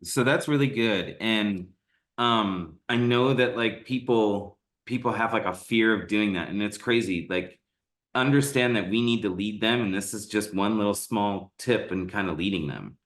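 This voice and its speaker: A man's voice: lowish voice, moderate pace, a bit bright. Casual man co-hosting, easygoing. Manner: casual, laughing, agreeing. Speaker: co-host. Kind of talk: casual chat.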